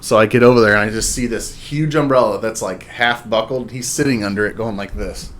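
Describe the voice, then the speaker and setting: A man's voice: fairly low pitch, a little fast, a little hiss or hum. A man in his thirties, a guest on a casual podcast, telling stories and laughing as he quotes his neighbors. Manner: laughs through stories, lively quoting of neighbors. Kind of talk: casual storytelling chat. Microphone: podcast mic at a table.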